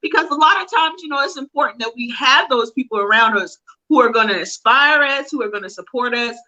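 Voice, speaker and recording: A woman's voice: high-pitched, expressive, brisk, pushed and bright, highs cut off. A woman hosting a live online interview, reading out viewer comments in an upbeat way. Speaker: host.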